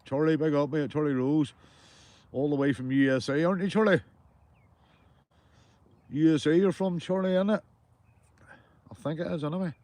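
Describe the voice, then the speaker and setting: A man's voice: on the high side, fairly even intonation, normal speed, long pauses, a little mellow, dry recording. A man with a Northern Irish accent, chatting casually to his live-stream viewers from a small tent while out fishing, greeting each one by name and calling them mate. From Northern Ireland. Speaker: livestreaming angler. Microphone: phone or camera on a live stream.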